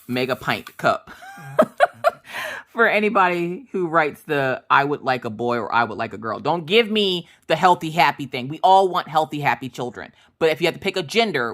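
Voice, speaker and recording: A woman in her thirties chatting casually to her viewers, telling stories with jokes and quick asides. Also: low-pitched. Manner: chatty, jokey, animated storytelling. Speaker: crafting vlogger. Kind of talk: casual storytelling chat.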